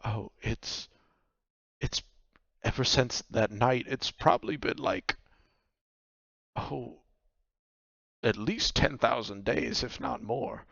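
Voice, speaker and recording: A man voicing a weary witch who talks softly and haltingly, on a dull, dry, lo-fi recording. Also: medium pitch, gravelly, no room sound, pitched above the performer's own voice, exaggerated voice. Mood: gentle. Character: weary witch, gently reproachful.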